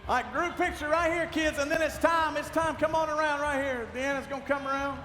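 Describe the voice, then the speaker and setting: A man hyping up a crowd as event host, shouting over a live band in a hall. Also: very high-pitched, steady tone, a little fast. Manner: loud, shouting, pumping up the crowd. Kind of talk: hyped emcee crowd work. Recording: echoey hall, loud music behind.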